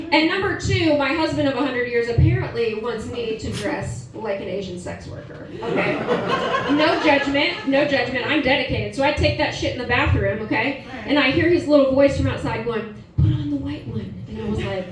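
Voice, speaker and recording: A brash, profane woman in her forties works a comedy club crowd with a high, bright voice. She is heard from a distance in a very reverberant room. Audience laughter rolls in around her. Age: 40s. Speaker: stand-up comedian. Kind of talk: stand-up comedy set with crowd work. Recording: roomy live venue, distant mic, audience laughter.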